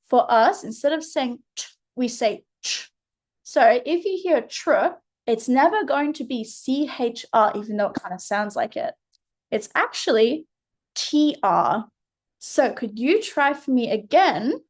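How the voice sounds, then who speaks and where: An Australian woman tutoring a child through a phonics lesson, patient and encouraging. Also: fairly high pitch. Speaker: reading tutor.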